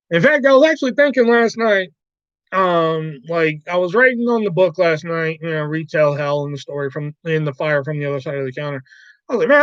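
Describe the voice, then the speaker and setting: This streamer's voice runs on the high side as he rants profanely in a casual chat, acting out his coworkers. The sound is dry, dull and lo-fi, without any room sound.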